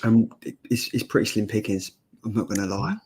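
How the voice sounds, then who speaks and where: Man, comics show host, deep-ish voice, self-mocking jokes, rambling casual chat. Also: brisk, a little mellow, husky. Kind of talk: casual live-stream chat.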